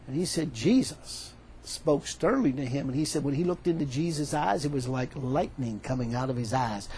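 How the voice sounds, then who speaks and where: A man preaching a sermon, animated, retelling a story with quoted dialogue. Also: medium pitch, moderate pace, slight background noise, rough recording.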